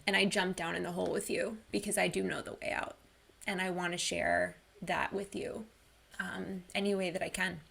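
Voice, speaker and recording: A woman's voice: on the low side, level tone, normal speed, gravelly, fairly bright tone, breathy edge. A woman wellness coach giving an online workshop in an earnest, personal storytelling manner.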